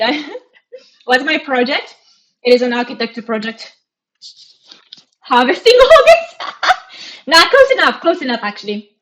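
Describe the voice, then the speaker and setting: A woman's voice: a little high, poor audio. A young woman from Romania with a mixed Romanian and British accent, chatting casually and rambling with frequent giggles as a live streamer. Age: young adult. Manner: giggly, rambling, self-mocking.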